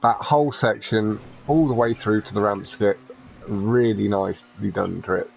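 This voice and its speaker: A man giving live play-by-play commentary on an online race, brisk and friendly with some teasing. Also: steady tone, gravelly, a little mellow, a little hiss or hum. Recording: dull low-fidelity mic.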